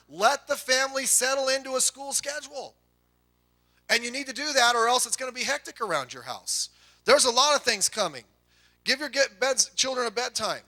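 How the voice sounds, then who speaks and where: A middle-aged man preaching a sermon to a congregation, telling folksy family stories with quick asides. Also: high-pitched, bright, forceful tone. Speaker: pastor.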